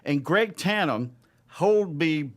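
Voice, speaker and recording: Man with a fairly high voice telling an anecdote. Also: animated, slow. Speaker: talk radio host guest. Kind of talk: casual storytelling chat.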